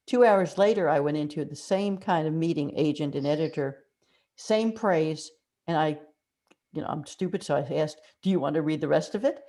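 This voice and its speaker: Guesting on a laid-back interview, an older mystery writer tells anecdotes in a low voice at a normal pace. Her delivery is chatty and lively, peppered with small dramatized quotations.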